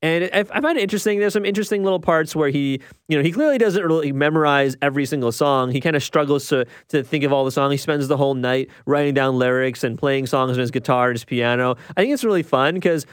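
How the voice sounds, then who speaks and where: A man talking through a movie review in a loose, chatty way, circling back and restarting his thoughts. His voice sits a little higher than most men's. The sound is close and dry, with no room around it. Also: fast talker, few pauses, clean tone, dry recording. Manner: rambling, restarts a lot, chatty. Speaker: film reviewer.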